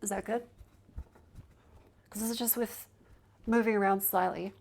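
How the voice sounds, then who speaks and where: A woman's voice: medium pitch, fairly even intonation, unhurried, gravelly, darkish tone. A woman streamer in casual live-stream chat, talking through a microphone test step by step as she moves a handheld mic to different distances. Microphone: handheld mic moved to different distances.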